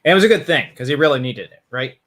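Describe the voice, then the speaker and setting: A man hosting a casual film review chat, joking and animated, often restarting his sentences. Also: mid-range voice, fast. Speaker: podcast host reviewing a film.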